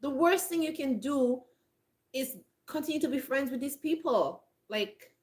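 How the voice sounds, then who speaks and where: With a high voice and lively intonation, this woman talks at a measured pace. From her countryside homestead she vlogs blunt, emphatic advice straight to camera, laughing often, with a frog in her throat.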